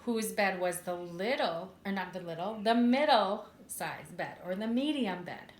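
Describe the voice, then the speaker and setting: A preschool teacher, a woman, reading a story aloud and asking the children questions in a clear, expressive way. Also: medium pitch, a little slow. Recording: echoey room.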